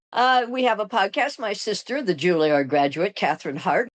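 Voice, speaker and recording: An older woman from Texas, a guest in an interview, telling stories in a casual, animated way, acting out the voices of people she quotes and laughing often. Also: medium pitch, normal speed. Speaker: guest, actress.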